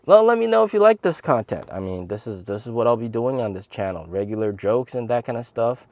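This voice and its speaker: A man in his thirties tells a funny family story straight to camera, his pitch swinging widely as he goes. He slips into high, squeaky voices to quote the people in it. The sound is close and dry. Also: brisk, no echo. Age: 30s. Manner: animated, acts out quotes in a high voice. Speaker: channel host.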